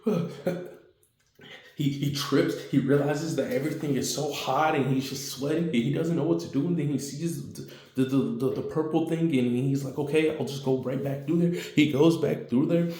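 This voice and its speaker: A man's voice: a little high, steady tone, moderate pace, darkish tone, roomy sound. A man telling a homemade fan story casually, rambling with slang and fillers.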